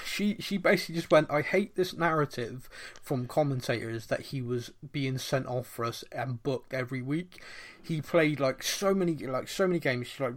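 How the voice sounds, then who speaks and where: A man co-hosting a podcast in casual football chat, chatty and quick to laugh, with plenty of fillers. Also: mid-range voice. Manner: chatty, laughs often, many fillers and restarts; reads listener mail aloud. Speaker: podcast co-host.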